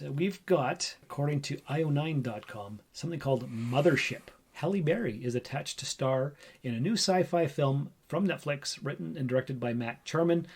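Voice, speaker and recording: A man hosting a relaxed podcast, his voice sitting a bit higher than most men's. He reads out news items, then chats and riffs on each one. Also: gravelly, breathy edge. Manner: chatty, reads headlines then riffs on them. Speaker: podcast host. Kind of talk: casual chat reading news.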